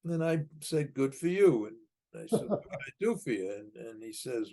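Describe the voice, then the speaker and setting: A man's voice: mid-range voice, sing-song, moderate pace, mellow. An older American man telling a long story from his past, rambling with repeated words and restarts, acting out tough-guy dialogue. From United States. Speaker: podcast guest telling his life story. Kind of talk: casual storytelling.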